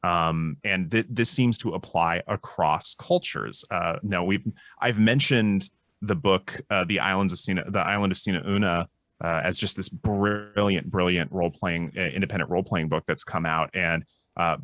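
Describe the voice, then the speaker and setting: A man with a very low voice talks through ideas on a panel show. He sounds thoughtful and restarts his sentences often. The sound is dry and close. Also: normal speed, a bit bright, dry recording. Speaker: psychologist co-host. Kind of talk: casual panel discussion.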